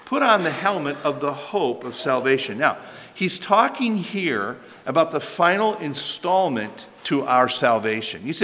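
A man's voice: a little high, sing-song, moderate pace, sharp tone. A man preaching an expository sermon, emphatic, repeating key phrases and checking in with his listeners. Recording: long hall reverb.

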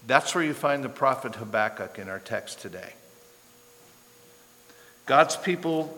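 A bright, fairly high-voiced man preaching in a church sanctuary, his voice ringing with long hall reverb. He tells a story, acts out the voices in it and builds to impassioned pleas. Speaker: pastor. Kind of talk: sermon.

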